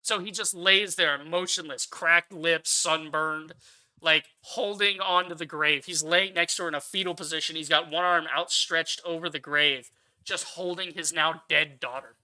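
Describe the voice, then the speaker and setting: A man's voice: a little high, fairly even intonation, moderate pace, pushed and bright. A man hosting his own channel, giving a profane, exasperated rant of movie commentary. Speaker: channel host.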